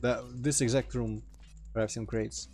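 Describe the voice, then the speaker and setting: A man's voice: medium pitch, steady tone, normal speed, dry recording. Rambling man with a Russian accent. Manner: rambling, self-interrupting, reacts loudly to the game. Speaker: let's play host. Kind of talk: casual gameplay commentary.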